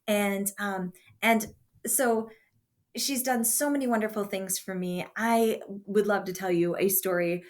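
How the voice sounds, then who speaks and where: A woman teacher giving a classroom writing lesson and telling a chatty story from her own childhood. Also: mid-range voice. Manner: chatty storyteller with warm asides.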